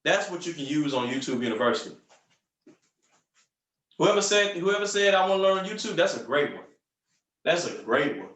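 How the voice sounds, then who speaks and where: Upbeat male sales coach, high voice, punchy delivery with lots of repetition, recorded off-mic in a roomy space. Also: very animated, moderate pace, pauses often, fairly bright tone, distant mic. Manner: upbeat, punchy, repeats phrases for emphasis. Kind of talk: motivational coaching on a group call.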